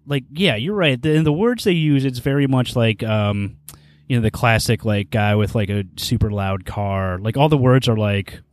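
A man's voice: mid-range voice, moderate pace, no room sound. A man hosts a casual podcast in a laid-back, rambling way. He laughs easily between his thoughts. His voice is close and dry, with no room sound. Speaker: podcast host.

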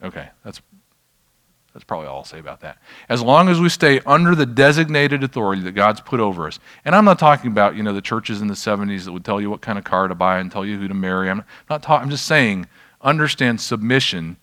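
Male pastor, lowish voice, chatty self-deprecating teaching to a room of people. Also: expressive, fast, a bit bright. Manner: conversational, self-deprecating, checks in with the audience. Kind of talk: informal sermon teaching. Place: church room with an audience.

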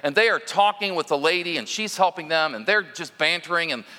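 A man's voice: fairly high pitch, a little fast, sharp tone, in a large hall. A man preaching as lead minister, mixing stories with direct talk to the congregation in a conversational sermon.

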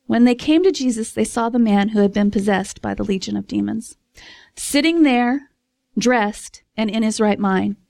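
Chatty, high-voiced woman preacher. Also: moderate pace, creaky, dry recording. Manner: chatty and expressive, laughs often, acts out voices. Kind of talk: casual sermon.

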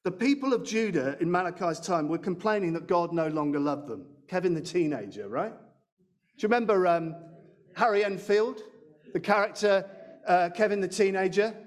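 A man's voice: high-pitched, animated, moderate pace. A man preaching a sermon in a church, chatty and self-deprecating, speaking into a handheld mic. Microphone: handheld microphone.

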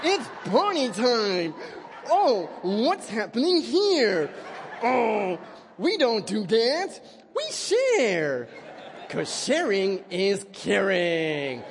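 A man's voice: high-pitched, big pitch swings, extremely slow, creaky, a little hiss or hum, voice pushed up, full character voice. A man voicing a cheery male purple dinosaur from children's TV, gushing and sing-song. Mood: gushing cheer. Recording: long reverb of a large hall.

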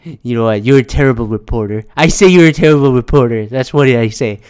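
A man's voice: medium pitch, fairly quick, darkish tone, clear, resonant tone, natural voice. A man doing a curt, blustering male politician. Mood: dismissive. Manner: curt, dismissive.

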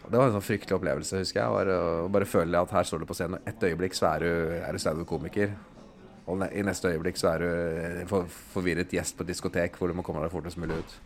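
A man's voice: deep voice, steady tone, rapid-fire, a little hiss or hum. A man, a comedian, telling a hesitant, wry anecdote about a gig. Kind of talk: storytelling anecdote.

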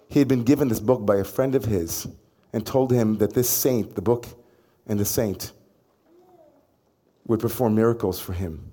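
A man, a rabbi, telling a personal story in an animated, dramatic way. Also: medium pitch.

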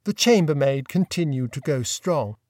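A man narrates a scripted audiobook with wry, expressive storytelling. His voice is fairly high and his speed normal, recorded cleanly in a studio with no room sound.

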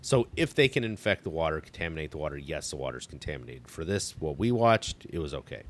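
A man's voice: rumbling low, big pitch swings, quick pace. A man co-hosting a podcast, chatting casually with brief, dry replies and quips. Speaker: podcast co-host. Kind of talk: casual chat.

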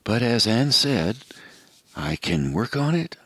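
A man in his seventies with an American accent, a radio host telling a personal story in a relaxed, reflective monologue. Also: mid-range voice, slow, breathy edge, no room sound.

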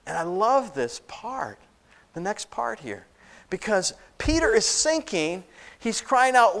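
Lively high-voiced male pastor preaching. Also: normal speed. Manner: animated storytelling, acting out Bible scenes with asides and laughs. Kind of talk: sermon.

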